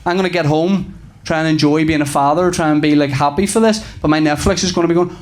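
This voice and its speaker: A man in his thirties doing a stand-up comedy routine, telling a story with animated delivery and acting out conversations. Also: fairly high pitch, fairly quick, a little hiss or hum.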